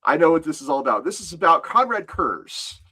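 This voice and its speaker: A man's voice: fairly high pitch, very animated, a little fast, pushed and bright, slightly rough. Man thinking aloud on a podcast. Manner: explains lore at length, thinking aloud. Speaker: podcast co-host. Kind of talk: casual podcast discussion.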